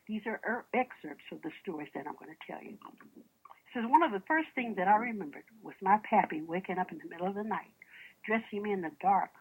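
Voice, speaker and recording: Husky-voiced woman preacher telling stories. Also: medium pitch, fairly quick, low-quality recording. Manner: animated, with rhetorical questions to the congregation; reads old first-person accounts aloud in a storytelling voice. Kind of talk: sermon with storytelling.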